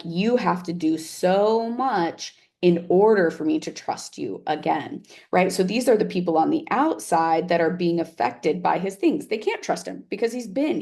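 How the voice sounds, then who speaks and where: A woman's voice: medium pitch, dark tone. A woman teacher talking casually to camera, often checking in with "right?" and "like". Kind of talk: casual reflective talk to camera.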